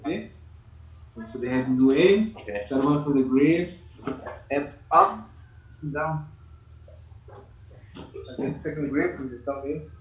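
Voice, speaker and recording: A man's voice: a little high, slow, pauses often, reverberant, low-quality recording. A man in an online jiu-jitsu class, casually talking a partner through grips. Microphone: video call.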